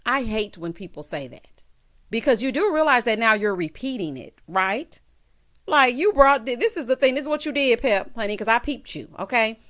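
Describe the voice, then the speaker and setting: A sassy woman in a casual recap vlog, dishing gossip straight to her viewers. Her voice sits a bit high and swings all over the place as she reacts. She keeps tossing in "honey" and "child" as she talks. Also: a bit bright. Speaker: reality TV recap host. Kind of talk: casual recap commentary to camera.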